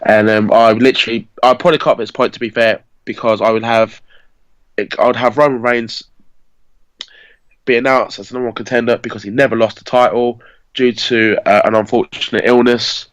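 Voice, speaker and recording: A man's voice: medium pitch, steady tone, fairly quick, fairly bright tone, no room sound, low-quality recording. Rambling man, dry close sound. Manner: rambling, self-correcting storyteller. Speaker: podcast host. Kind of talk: casual fantasy-booking chat.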